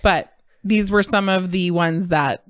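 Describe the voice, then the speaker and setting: Woman, podcast co-host, animated storytelling, dry sound. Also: on the low side, measured pace, dry recording. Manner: animated storytelling, imitates kids' voices. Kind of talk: casual chat.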